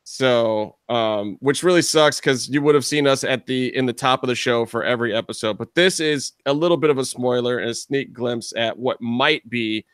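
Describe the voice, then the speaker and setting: A man's voice: medium pitch, normal speed, few pauses, fairly bright tone, smooth, dry recording. Dry-sounding rambling podcast host man. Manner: rambling storyteller, laughs often, swears. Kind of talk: casual round-table chat.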